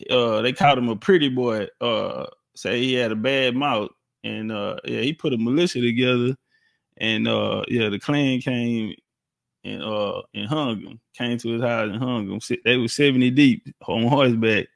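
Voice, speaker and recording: Gravelly man, halting with fillers. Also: mid-range voice. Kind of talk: casual conversation.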